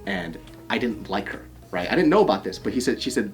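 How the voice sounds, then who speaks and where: A man's voice: fairly low pitch, brisk. Guy in his 30s telling funny stories on a podcast, cussing and laughing, voice jumps all over, faint music. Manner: animated, profane, laughs often while telling stories. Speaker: podcast co-host. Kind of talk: casual storytelling chat.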